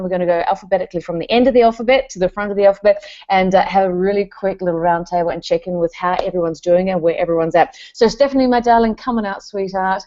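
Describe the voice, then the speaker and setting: A woman coach runs a live online training, sprinkling darling and sweetheart through her talk. Her voice sits a little low and mellow. The audio is dull and lo-fi, like a webinar stream. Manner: affectionate, calls everyone darling and sweetheart.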